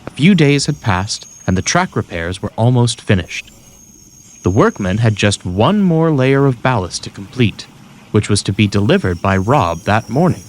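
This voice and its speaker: Brief: expressive male storybook narrator, mid pitch, lively intonation, music underneath. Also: normal speed. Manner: expressive, voices every character.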